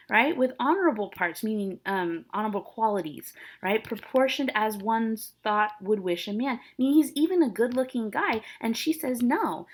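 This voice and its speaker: A woman's voice: a little high, husky. A woman teacher reading a play aloud to her class and explaining each passage in casual, plain terms, often checking in with "okay?". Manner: reads lines aloud then paraphrases casually, frequent "okay?" and "right?". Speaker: English teacher.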